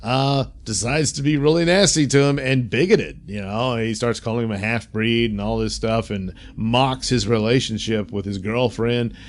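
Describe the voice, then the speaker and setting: Male host, relaxed recap talk, filler-heavy, giggly, average pitch. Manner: chatty, laughs often, many fillers, quick voice impressions. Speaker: reviewer, host. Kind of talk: casual episode review.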